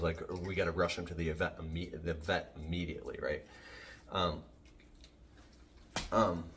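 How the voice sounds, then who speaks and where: Deep-voiced man rambling into a phone. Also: slight background noise. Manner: rambling, jumps off topic, many restarts. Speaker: vlogger. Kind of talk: casual rambling vlog. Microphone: phone camera.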